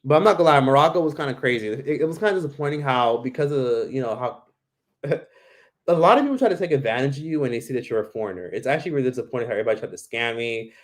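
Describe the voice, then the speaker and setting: A man's voice: medium pitch, lively intonation, racing. A man hosting a casual live Q&A from home, rambling with lots of "like" and "literally" and acting out the people he quotes. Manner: rambling, fills talk with "like" and "literally"; acts out the voices of people he quotes. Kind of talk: casual livestream chat.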